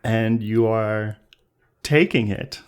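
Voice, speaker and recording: A man's voice: lowish voice, takes it slowly, clear, resonant tone. A man narrating as game master of a tabletop role-playing game, playful and teasing with the players.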